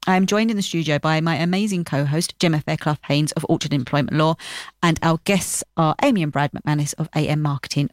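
A woman's voice: deep voice, no echo, studio quality. Upbeat woman radio host. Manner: upbeat, chatty, promotional. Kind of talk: radio show event announcements. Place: radio studio.

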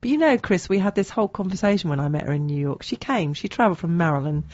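A woman's voice: fairly low pitch, expressive, fast talker, a little mellow, no room sound, dull audio. A woman co-hosting a radio show, telling stories with playful mimicry. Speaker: radio co-host. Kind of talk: casual radio chat.

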